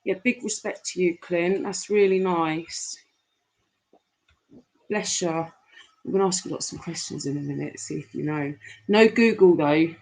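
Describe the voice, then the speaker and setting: A woman's voice: lowish voice, unhurried, long pauses, a little mellow, low-quality recording. A woman hosting a live stream, chatting casually and affectionately to viewers as she reads their messages, rambling with fillers. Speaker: livestream host reading chat.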